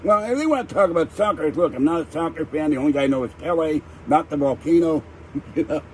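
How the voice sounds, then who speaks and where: A man's voice: on the high side, fast, a little hiss or hum, low-quality recording. An older man hosting a livestream, ranting irritably in a rambling casual chat. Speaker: livestream host.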